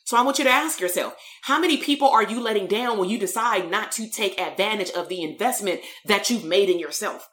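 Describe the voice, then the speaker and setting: A woman's voice: mid-range voice, a little fast, few pauses, a bit bright, roomy sound. A woman, a coach and therapist telling a story in a blunt, emphatic live-streamed motivational talk.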